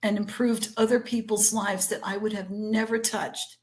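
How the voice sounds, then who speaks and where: A woman's voice: mid-range voice, fairly even intonation, normal speed. An older woman, a spiritual teacher, speaking as a guest in a casual interview, earnest and encouraging as she tells stories.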